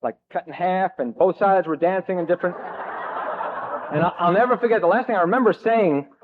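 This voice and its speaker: A man from New Jersey telling his own recovery story to a meeting, halting and self-mocking, with jokes between restarts. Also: high-pitched, background noise. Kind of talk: personal recovery story told to a crowd. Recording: thin, phone-like old tape.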